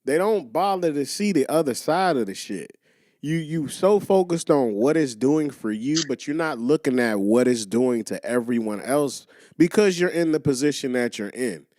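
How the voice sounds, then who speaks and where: A man's voice: medium pitch, expressive, normal speed, a little mellow, dry recording, clean studio sound. A man co-hosting a podcast, arguing his points in heated, emphatic, profane casual chat. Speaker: podcast co-host.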